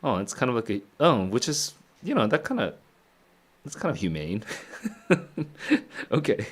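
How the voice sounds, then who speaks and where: A man reading a novel aloud and reacting to it, thinking out loud and often chuckling. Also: mid-range voice, big pitch swings, normal speed, slightly rough. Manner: musing aloud, frequent chuckles. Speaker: book club streamer.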